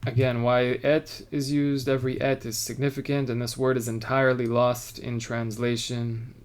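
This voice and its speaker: Man teaching a relaxed text-study lesson. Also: mid-range voice, normal speed. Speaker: Torah teacher.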